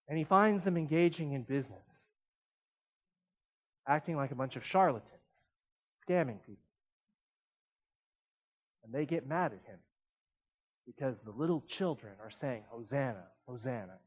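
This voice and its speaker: A man preaching a sermon in an animated way, shifting between quiet explanation and emphatic points. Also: on the high side, moderate pace, husky, lo-fi sound.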